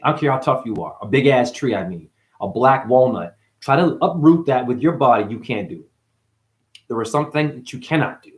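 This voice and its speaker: Guy doing a rambling swear-filled spiritual rant, wordplay everywhere, mumbles then yells. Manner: profane, wordplay-driven, jumps between wild pitch swings and mutters. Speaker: spiritual speaker. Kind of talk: rambling monologue.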